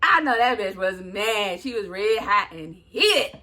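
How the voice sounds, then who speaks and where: A woman's voice: medium pitch, unhurried. A woman vlogger telling a story as a casual rant, in a sassy, sarcastic, chatty way. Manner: animated, loose and chatty.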